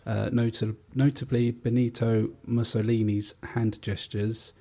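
A man's voice: lowish voice, little pitch movement, unhurried, vocal fry, darkish tone. A man reading out film trivia and chatting, a little hesitant. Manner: hesitant, with fillers. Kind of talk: reading out trivia, casual chat.

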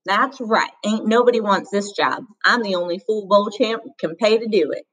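A woman's voice: mid-range voice, moderate pace, fairly bright tone, breathy edge, pitched above the performer's own voice, rough recording. A woman reading a blunt, scolding motel cleaner. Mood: stern. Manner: blunt, scolding, plain-spoken.

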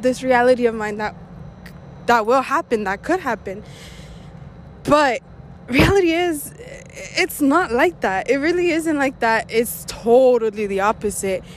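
A woman's voice: sits high, a little hiss or hum. A young woman hosting her own talk show, rambling candidly and swearing freely, a little out of breath after a run. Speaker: podcast host. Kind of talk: casual personal monologue.

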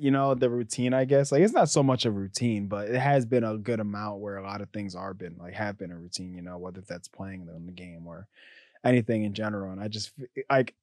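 A man's voice: fairly low pitch, dry recording, studio quality. Laid-back young man musing aloud. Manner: loose and reflective, heavy on fillers, laughs often, trails off quietly. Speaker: podcast co-host. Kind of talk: casual chat.

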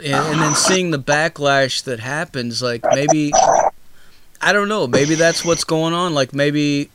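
A man's voice: on the high side, a bit bright, slight background noise. A man hosting a casual interview, rambling and swearing freely with lots of fillers. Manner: loose, profane, rambling with many fillers. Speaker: host.

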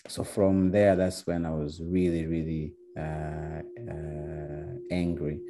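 A young man from Rwanda telling his story in a casual, halting way, with many restarts and fillers. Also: a bass voice, little pitch movement, noisy background. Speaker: guest.

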